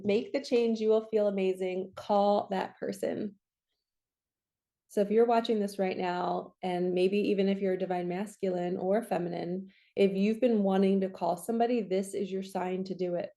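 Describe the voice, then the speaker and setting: A woman speaks in a mellow, warm voice, giving a relaxed tarot reading. She talks to the viewer in an upbeat, encouraging, chatty way and slips in quick asides. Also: mid-range voice. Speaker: tarot reader and spiritual coach. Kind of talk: casual tarot reading monologue.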